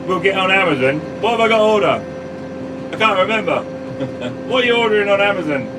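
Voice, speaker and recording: A farmer live-streams from his sprayer cab on a farm field, chatting casually and greeting viewers by name. His voice sits high, animated and fairly quick. The mic is at a distance, picking up vehicle noise.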